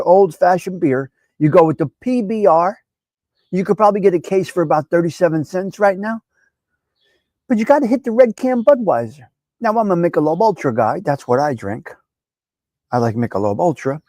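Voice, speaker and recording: Animated preachy man, dry close mic. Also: on the high side, no echo. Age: middle-aged. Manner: animated, preachy, talks straight to viewers. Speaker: live stream host. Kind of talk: casual chat reading viewer comments.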